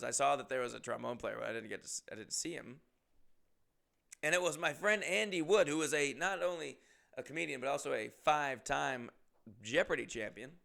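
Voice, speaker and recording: A comedian from Massachusetts telling a rambling, profane story in a casual way and acting out what people said. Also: male voice, mid-range voice, vocal fry, pushed and bright. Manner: rambling, profane, acts out quotes. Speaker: comedian and podcast host.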